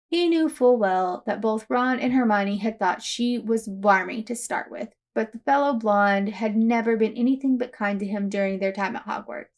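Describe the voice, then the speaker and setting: A woman narrating fan fiction aloud, in a steady storytelling manner. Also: medium pitch.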